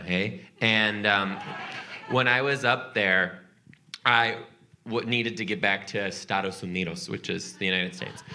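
A man doing stand-up crowd work and telling a story, animated, profane and teasing with the audience. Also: fairly low pitch. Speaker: comedian and podcast host.

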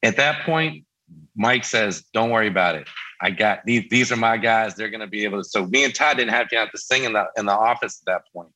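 A man's voice: fairly low pitch, brisk, low-quality recording. A middle-aged man telling a story in casual chat, acting out the voices of the people he quotes. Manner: lively, acts out quoted voices. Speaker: band member guest.

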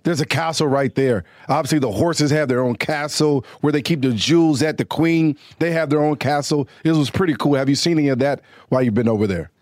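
A man's voice: fairly high pitch, fairly quick, hardly any pauses, a little mellow, no echo, clean studio sound. Easygoing male sports co-host, teasing. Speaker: podcast co-host, former player. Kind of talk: casual sports chat.

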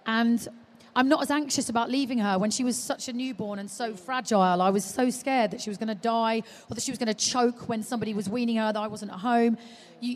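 A woman chatting as a podcast guest about motherhood, telling stories animatedly and acting out what people said. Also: fairly high pitch. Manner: animated storytelling, acting out quotes. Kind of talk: live podcast chat. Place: live stage at a large exhibition hall. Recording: long reverb of a large hall.

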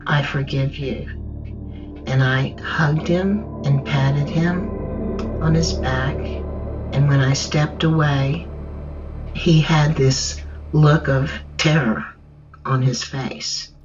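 A woman recounting her own ordeal in the first person, slow and measured, halting in places. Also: low-pitched, steady tone. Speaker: survivor telling her story. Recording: dull distant recording with faint music.

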